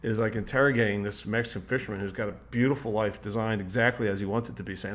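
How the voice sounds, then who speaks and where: Here the man's voice sits fairly low, with fairly even intonation and a fast pace. Still in his casual motivational monologue, he rambles, restarts sentences, drops frequent "like" fillers, and shifts into quoted voices.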